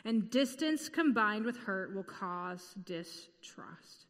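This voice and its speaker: A woman preaching a sermon in an earnest, measured way, repeating key phrases. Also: mid-range voice, animated, a bit bright, big-room sound.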